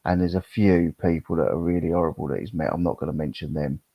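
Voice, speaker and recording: A man's voice: sits low, quick pace, no echo. A middle-aged man chatting casually on a live stream, rambling and reading chat comments aloud. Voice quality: gravelly, husky. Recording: dull, lo-fi sound.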